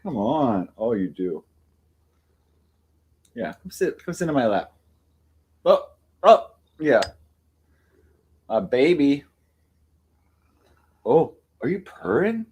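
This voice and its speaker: A man's voice: medium pitch, very animated, slow, pauses often, darkish tone, husky. A man hosting a livestream, cooing affectionate baby talk to his cats between remarks to the chat. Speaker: livestream host.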